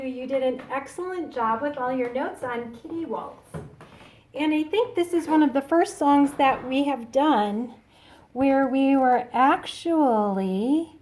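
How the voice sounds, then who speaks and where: A woman piano teacher explaining a lesson to a student in a slow, patient way. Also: sits high, darkish tone. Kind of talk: recorded private lesson.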